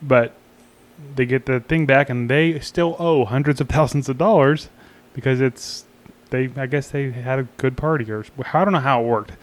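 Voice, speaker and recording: A man's voice: mid-range voice, normal speed. Texan man giving loose barbecue news. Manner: loose, unscripted, swears freely. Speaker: podcast co-host reading the news segment. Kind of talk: casual chat.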